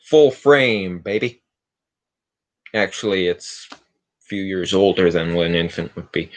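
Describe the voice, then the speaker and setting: With a deep voice, a little slow and often pausing, this livestream host chats casually during a Q&A stream. He rambles and makes jokes at his own expense.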